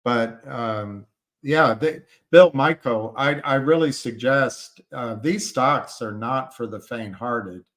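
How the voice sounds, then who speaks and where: A man's voice: medium pitch, slow, a bit bright. A man hosting a stock-market livestream, reading viewer comments, rambling and hesitant but emphatic and indignant. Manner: rambling, hesitant, with many fillers and restarts; emphatic and indignant about short sellers.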